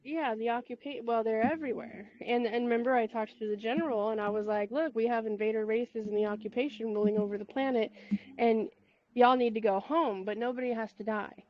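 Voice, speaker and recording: Speaking briskly in a fairly high voice, a woman hosts a spiritual community call through a call mic, and the recording is muffled. Her talk is casual and rambling, full of asides and frequent laughter.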